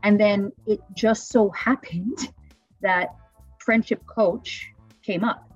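A woman's voice: medium pitch, slow, husky, no room sound, faint music behind. Woman guest chatting on zoom, lots of "like", dull dry sound. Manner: casual, uses "like" a lot. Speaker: podcast guest. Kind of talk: casual video-call conversation.

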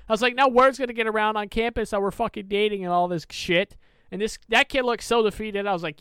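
A man's voice: high-pitched, fast talker, pushed and bright, clear, resonant tone, no room sound. A young man co-hosting a podcast, telling a casual anecdote with lots of swearing and laughter. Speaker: podcast co-host. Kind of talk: casual chat, storytelling.

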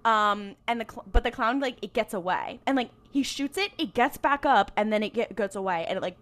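Lady podcast host rambling through an episode recap, kinda high voice, lots of um and like. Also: a little fast. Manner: rambling, animated retelling with many fillers and acted quotes. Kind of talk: casual chat recapping a TV episode.

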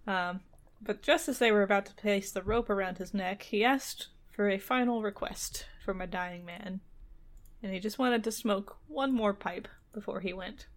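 A woman reading a fairy tale aloud, breaking off for casual chat with wry, deadpan asides and frequent laughs. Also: medium pitch, moderate pace.

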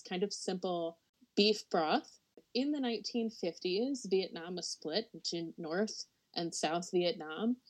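Woman podcaster from the US, relaxed everyday chat, laughs a lot, mid-pitched. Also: low-quality recording. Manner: chatty, laughs often, frequent "like". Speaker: podcast co-host presenting a topic.

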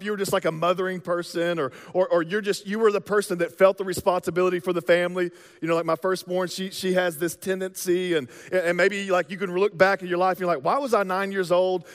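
Male pastor, casual slang-filled sermon, high voice, echoing sanctuary. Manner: conversational, joking preacher with casual slang. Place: church sanctuary. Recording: long reverb of a large hall.

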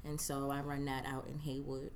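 A woman from Brooklyn as a podcast guest, talking calmly and matter-of-factly. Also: extremely low pitch, normal speed, slight background noise. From Brooklyn, New York. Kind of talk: casual chat.

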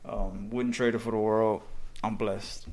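A man's voice: fairly low pitch, steady tone, unhurried, darkish tone. A man, a sheriff's deputy being interviewed, talking bluntly and emphatically about his work, with frequent swearing. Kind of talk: casual conversational interview.

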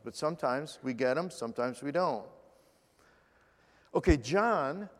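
Man, pastor, sermon, earnest, slow on scripture, hushed prayers, slightly high voice, reverberant hall. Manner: earnest preaching, slows for scripture and prayer, softens to near hush.

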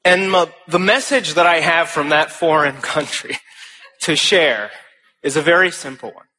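Young male speaker, earnest and humorous, somewhat high pitch, bright, tense delivery. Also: moderate pace. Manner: emphatic rhetorical phrasing. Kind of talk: speech to an audience.

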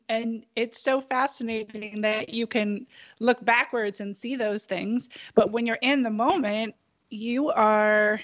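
Curious female interview host, high voice. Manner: curious, asks long rambling questions. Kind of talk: conversational interview. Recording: muffled lo-fi audio.

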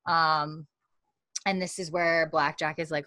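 A woman's voice: sits low, flat delivery, measured pace, bright, forceful tone, no room sound. A woman podcast host in casual chat, chatty and full of fillers, retelling a story and quoting the characters' lines. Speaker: podcast host recapping an episode.

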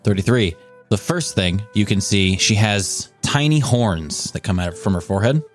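A man's voice: on the low side, normal speed, soft background music. Casual man narrating as game master. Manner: casual, with many fillers like "kinda".

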